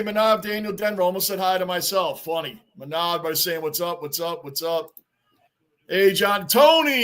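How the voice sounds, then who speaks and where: A man hosting a live sports reaction stream, excitable and rambling, greeting chat viewers by name as he chats. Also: high-pitched. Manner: rambling, chatty and repetitive. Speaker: livestream host.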